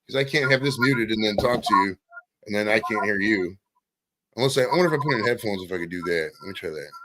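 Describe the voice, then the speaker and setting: A man's voice: on the low side, animated, fast talker, fairly bright tone, slight background noise, rough recording. A man hosting a live-streamed interview show, talking casually and cursing while he fights with his audio setup. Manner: casual, profane, flustered by audio trouble. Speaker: podcast host. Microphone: streaming setup with computer mic.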